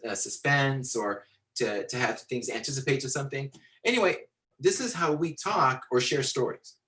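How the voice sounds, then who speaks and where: A man teaching storytelling to visual artists, animated and rambling with many fillers and restarts, talking into a computer on a video call. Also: fairly high pitch, poor audio. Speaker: storytelling instructor. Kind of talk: lecture with acted-out anecdote.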